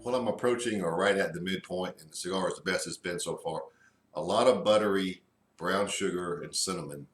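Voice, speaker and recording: A man reviewing a cigar in a slow, halting way with many fillers. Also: sits low, a bit bright, echoey room. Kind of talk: casual review.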